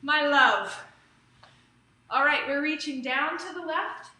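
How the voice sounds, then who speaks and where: Bright, high-voiced woman leading a workout. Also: slow, a little hiss or hum. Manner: upbeat, chatty, drifts into tangents. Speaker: fitness instructor. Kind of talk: live online exercise class. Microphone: camera or phone streaming live. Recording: roomy echo.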